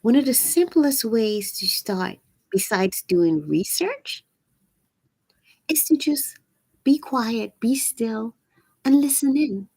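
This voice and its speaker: A woman hosting a live-streamed spiritual talk, with a raspy voice and an earnest, preachy manner that repeats phrases for emphasis. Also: on the high side, slow, a little mellow, no echo. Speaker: channel host.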